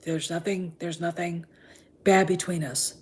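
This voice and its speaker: Brief: grave male bounty hunter, put on by a woman in casual chat, husky, hushed. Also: lowish voice, steady tone, measured pace.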